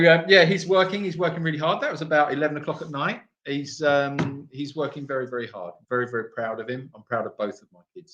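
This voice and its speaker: A middle-aged woman co-hosting a livestream, chatty and excitable, laughing often. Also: sits low. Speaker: livestream co-host. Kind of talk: casual livestream chat.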